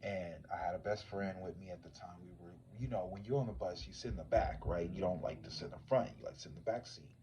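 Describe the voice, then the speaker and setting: A man who is a psychic tarot reader, telling a story to his livestream viewers in a casual, animated way, swinging from hushed to loud. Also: low-pitched, fast, hardly any pauses, slight background noise, rough recording.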